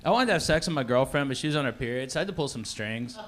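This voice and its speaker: A man's voice: mid-range voice, animated, very fast, heavy background noise. A man doing stand-up comedy, cocky and repeating his punchlines.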